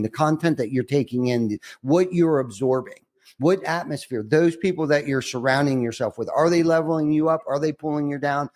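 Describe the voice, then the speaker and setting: A man's voice: a little high, darkish tone. A middle-aged man hosting a podcast, talking earnestly and reflectively with lots of restarts before asking his next question. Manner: rambling, earnest, many restarts. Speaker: podcast host. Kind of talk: reflective interview conversation.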